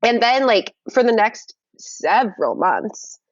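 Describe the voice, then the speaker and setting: A young woman telling a dating story in casual conversation on a video call, animated and full of fillers. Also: a little high, takes it slowly, no echo, lo-fi sound. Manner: animated, many fillers and restarts. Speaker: guest.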